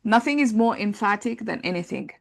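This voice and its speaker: Woman, grammar teacher, gravelly, conversational lecture, thinking aloud. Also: mid-range voice, animated, brisk. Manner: explains patiently, thinks aloud with many fillers; reads translations aloud and compares them.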